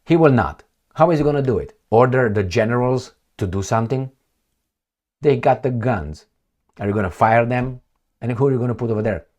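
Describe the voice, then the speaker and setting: Blunt, animated man ranting over headlines. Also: fairly low pitch. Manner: blunt, sarcastic, reads headlines then rants. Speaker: political commentator. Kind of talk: solo commentary reading news.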